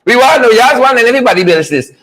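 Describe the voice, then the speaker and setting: A man with a notably high voice hosts a live stream in a loose, teasing way. He repeats his phrases and laughs often as he talks. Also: animated, racing, a bit bright, low-quality recording. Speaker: online show host. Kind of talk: casual live-stream talk.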